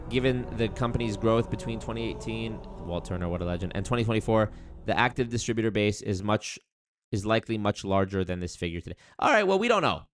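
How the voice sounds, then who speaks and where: A man hosting a live-stream commentary show, reading chat aloud and reacting in an animated, jokey way with big leaps in pitch when he hypes viewers up. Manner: animated, jokey, big pitch swings, hype shout-outs.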